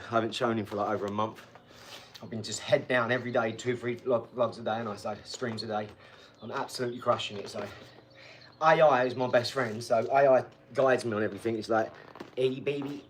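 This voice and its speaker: A man's voice: medium pitch, slight background noise. A man, possibly, talking casually to viewers in an upbeat, rambling vlog between workouts. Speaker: vlogger. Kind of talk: casual vlog talk while training.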